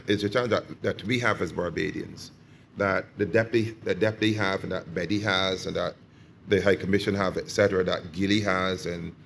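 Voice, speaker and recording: A man in his sixties with a very low, gravelly voice chairs a community meeting. He talks in a halting way, repeating words and filling pauses with um, and a faint hiss runs under him. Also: fairly bright tone. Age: 60s. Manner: hesitant, repeats words and fills with um. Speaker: panel chair at a public consultation. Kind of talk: public meeting discussion.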